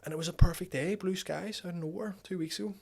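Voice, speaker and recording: A man in his twenties with a Northern Irish accent, a podcast guest telling a story in casual chat, animated and swearing freely. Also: high voice, fast, creaky. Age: 20s.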